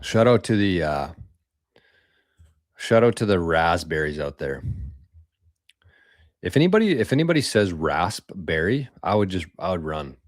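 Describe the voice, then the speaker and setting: A man rambles through a casual live stream, loose and profane as he answers viewers. His voice sits on the low side. The sound is dry and close, with no room around it. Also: very animated, unhurried, long pauses, no room sound. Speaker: podcast host.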